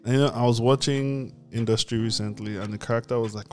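A man's voice: mid-range voice, fairly even intonation, brisk, faint music behind. Dry-humored man podcast co-host. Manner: dry jokes and puns. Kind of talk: casual chat.

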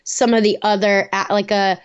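A woman's voice: mid-range voice, level tone, moderate pace, smooth, dull audio. A woman co-hosting a podcast, chatting casually about a reality show with lots of "like" and "you know" fillers. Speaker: podcast co-host. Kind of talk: casual chat.

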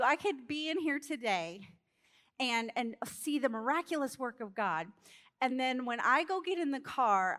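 Animated high-voiced woman preaching. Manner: animated storytelling, acts out characters, laughs. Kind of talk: sermon.

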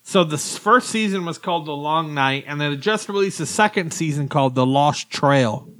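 A man's voice: fairly high pitch, lively intonation, moderate pace, a bit bright. A man co-hosting a casual podcast, chatting in an easygoing way with frequent fillers. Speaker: podcast co-host. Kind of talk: casual chat.

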